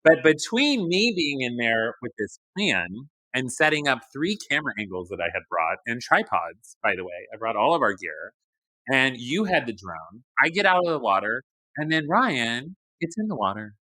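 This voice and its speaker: A man on a podcast chiming in with lively, teasing remarks. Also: mid-range voice, moderate pace, no echo, low-quality recording. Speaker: podcast guest. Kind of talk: casual chat.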